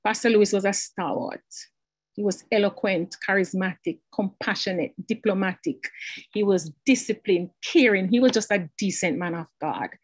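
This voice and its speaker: A woman giving a measured church tribute in short, listed phrases. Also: mid-range voice, husky, dry recording. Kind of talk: spoken church remembrance.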